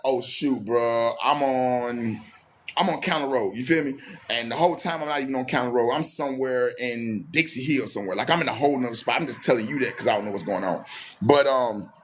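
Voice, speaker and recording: A man telling a personal story in a casual, animated way, acting out the quoted lines. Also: mid-range voice, fairly quick, a little hiss or hum. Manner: animated, acts out every quote in his story.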